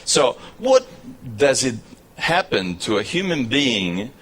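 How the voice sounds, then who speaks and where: A male university lecturer with an Argentine Spanish accent, a native Spanish speaker, giving a live public lecture in English with animated storytelling and frequent restarts. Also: mid-range voice, takes it slowly, slightly rough.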